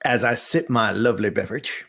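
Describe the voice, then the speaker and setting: A man co-hosting a podcast in casual chat, joking and animated, with slangy talk. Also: lowish voice, brisk, gravelly. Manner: joking, animated, slangy, puts on funny voices. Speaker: podcast co-host.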